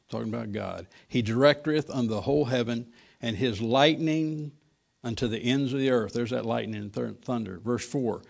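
A man preaches a sermon in a gravelly voice of middle pitch. He reads old-style scripture verses slowly and deliberately. Between readings he talks plainly, with fillers and restarts.

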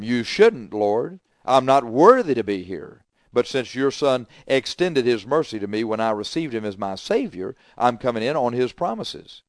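A middle-aged man preaching a sermon, emphatic and repetitive, swinging between loud declarations and quiet asides. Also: medium pitch, sing-song, normal speed, dry recording, studio quality.

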